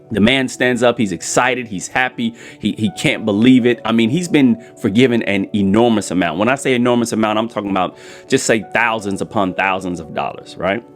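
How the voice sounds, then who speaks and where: A man hosting a daily devotional show, preaching and retelling a parable in an energetic, folksy way. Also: mid-range voice, fairly quick, soft background music. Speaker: host.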